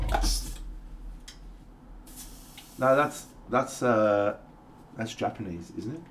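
A man's voice: fairly low pitch, animated, takes it slowly, pauses often, noisy background. An Australian man chatting casually on a livestream while he paints miniatures, swearing now and then and answering viewers by name. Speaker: streamer.

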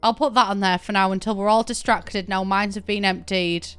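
A young woman with a British accent chats her way through a game stream, rambling and laughing often. Her voice is smooth and clear at an average pitch, with faint music playing behind her. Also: fairly even intonation, fairly quick, fairly bright tone. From Britain. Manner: chatty, rambling, laughs often, swears casually. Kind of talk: casual live-stream chat while playing.

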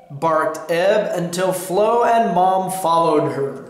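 Guy reading a kids' book super slow, really echoey room. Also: high-pitched. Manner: slow, deliberate, clearly paced reading. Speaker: storybook reader. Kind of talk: slow read-aloud for learners.

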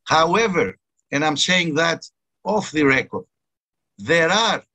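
Earnest bright-voiced man presenting at a conference. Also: a little high, big pitch swings, takes it slowly. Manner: earnest, emphatic, repeats key words. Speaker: conference speaker.

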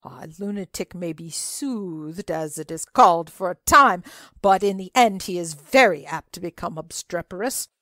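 A woman voicing a genial, excitable older male asylum director in a dramatic reading of a classic story, talking in a courtly, grandly emphatic way. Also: on the low side, moderate pace, dry recording, clean studio sound.

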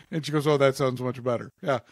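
A man's voice: mid-range voice, steady tone, moderate pace, no echo, clean studio sound. A man co-hosting a casual podcast chat, laughing often as he reads out jokes. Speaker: podcast co-host.

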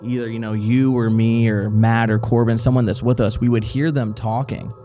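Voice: mid-range voice, flat delivery, normal speed, dark tone, a little hiss or hum. A co-host of a live paranormal show, chatting casually, playful and often laughing.

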